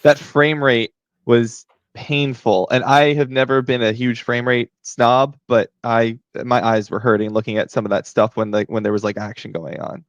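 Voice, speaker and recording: A man's voice: mid-range voice, level tone, moderate pace, no echo. A man co-hosting a casual podcast, chiming in with laid-back asides. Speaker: podcast co-host. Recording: slightly dull lo-fi mic.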